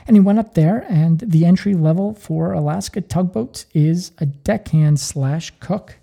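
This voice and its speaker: A man hosting a podcast, telling stories with earnest energy. His voice is dark and mellow, with a gravelly fry at the edges. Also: fairly high pitch, measured pace. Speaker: podcast host. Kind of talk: motivational podcast talk.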